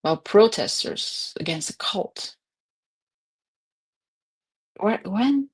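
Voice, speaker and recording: A woman's voice: medium pitch, animated, slow, breathy edge. Woman in her twenties or thirties, casual stream host, rambling chatty delivery, recorded at home. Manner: chatty, rambling, laughs often. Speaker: livestream host. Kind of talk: casual livestream chat.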